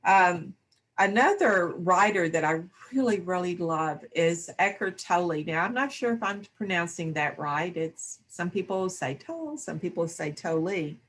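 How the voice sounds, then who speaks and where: A woman speaking in a reflective spiritual discussion, slow and thoughtful. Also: lowish voice, a bit bright. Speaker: discussion panelist.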